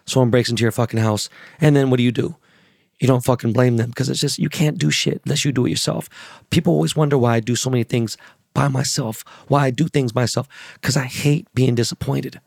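A man hosting his podcast with a hoarse, worn-out voice from yelling, talking casually, bluntly and with lots of swearing. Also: medium pitch, fairly even intonation, fairly quick, dry recording, clean studio sound. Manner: blunt, swears a lot, rambling. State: hoarse, lost voice. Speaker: podcast host. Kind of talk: casual profane podcast monologue.

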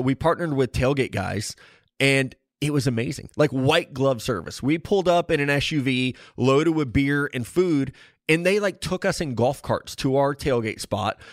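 A man's voice: medium pitch, dry recording, studio quality. Man telling stories in casual banter. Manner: storytelling, laughing. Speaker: podcast co-host. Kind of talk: casual chat.

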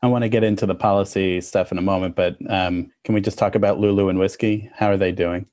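A man's voice: low-pitched, steady tone, fast talker, a little mellow, dry recording, studio quality. A man hosting a podcast and interviewing a guest over a video call, friendly and a little hesitant.

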